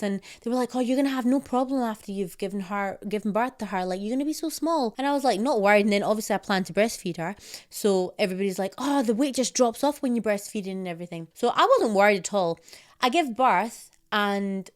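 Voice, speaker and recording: A young woman vlogger telling a personal story to camera in a casual, animated way, acting out her own past reactions in higher bursts. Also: quick pace. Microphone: close mic.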